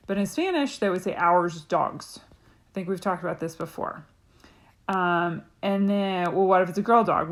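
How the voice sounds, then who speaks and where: A woman, a Spanish teacher, patiently explaining a lesson with frequent ums. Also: on the low side. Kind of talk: recorded classroom lesson.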